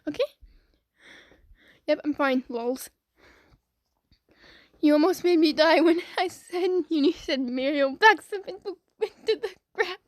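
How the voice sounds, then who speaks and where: A high-pitched woman chatting casually through comments on her own channel, giggling and breaking into laughter as she reacts. The recording is dry and close, with no room sound. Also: a little slow, long pauses, no room sound. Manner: giggly, excitable, laughs often between reading comments. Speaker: video creator reading comments.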